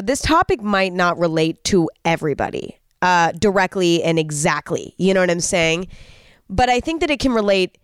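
A woman's voice: on the low side, clear, resonant tone, no room sound, studio quality. A young woman hosting a podcast alone, talking in a candid, chatty way and swearing freely. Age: young adult. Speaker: podcast host. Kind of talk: casual solo podcast monologue.

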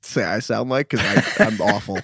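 A man co-hosting a podcast in casual chat, excitable and joking. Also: lowish voice, moderate pace, slight background noise. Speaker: podcast co-host.

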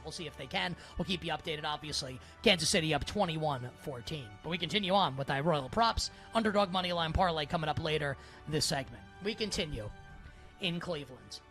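A man hosts a sports betting talk show, and his voice is high and slightly bright. He rambles casually, saying "like" a lot, and jokingly refers to himself by a mock-royal title.

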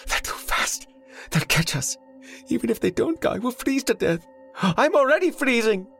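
A male narrator voicing a terrified young man with a squeaky, breathy voice, pleading and whimpering. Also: wildly swooping pitch, normal speed, faint music behind, exaggerated voice. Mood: fearful pleading. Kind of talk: audiobook character voice.

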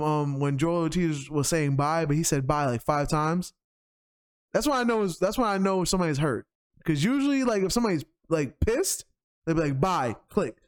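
Animated man with a higher voice. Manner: animated, rambling, profane slang. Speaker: podcast co-host. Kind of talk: casual chat.

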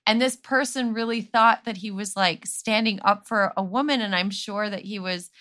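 A woman podcast host with a bright, clear voice. She keeps the talk casual and playful and laughs easily while telling stories. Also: medium pitch, normal speed. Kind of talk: casual chat.

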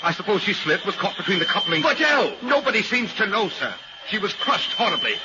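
An actor playing a hurried train crewman in an old radio drama, reporting in clipped bursts. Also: high-pitched, very animated. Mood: urgent. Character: brisk, urgent male train crewman. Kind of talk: 1940s radio acting. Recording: noisy, dull old radio recording.

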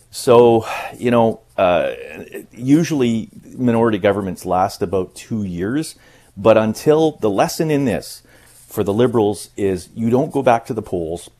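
Male radio commentator, very low voice, measured and explanatory. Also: warm tone. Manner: measured, explanatory, thinks aloud with restarts. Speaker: radio news host and political commentator. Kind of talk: political analysis on a radio call-in.

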